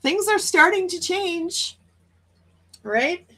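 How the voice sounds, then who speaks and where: A woman's voice: very high-pitched, expressive, slow pace, sharp tone. A woman from Wisconsin, hosting a casual morning livestream and chatting upbeat with her viewers. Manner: chatty, upbeat, with frequent laughs. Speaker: livestream host reading chat.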